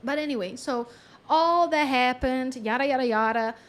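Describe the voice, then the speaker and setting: A woman channeling a story in a chatty, animated way, with lots of fillers and frequent laughs. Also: high voice, normal speed. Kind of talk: casual storytelling.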